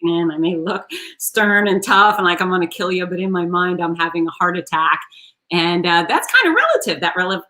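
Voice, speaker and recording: Woman host, middle-aged, bright and forceful tone, lower pitch, lively storyteller. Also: moderate pace, rough recording. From South Florida. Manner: animated storyteller, acts out quoted voices. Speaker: show host. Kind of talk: casual podcast conversation.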